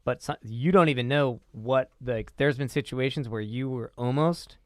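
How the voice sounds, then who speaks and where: A man's voice: mid-range voice, moderate pace, no room sound, clean studio sound. A young man from Southern California, co-hosting a comedy podcast and playing an earnest, dim-witted, defensive character. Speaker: podcast co-host. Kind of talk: improvised comedy banter.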